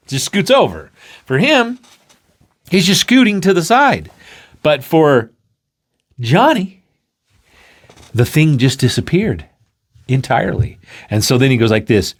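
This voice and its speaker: Guy explaining stuff with a story, acts it all out, really lively up and down voice. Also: medium pitch, measured pace. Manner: animated, acts out the scenes.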